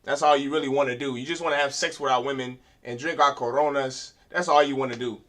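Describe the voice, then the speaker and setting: A man teaching a class in an emphatic preaching style, asking rhetorical questions and rising to loud, forceful delivery. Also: mid-range voice, steady tone, fast talker. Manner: uses rhetorical questions and quoted voices.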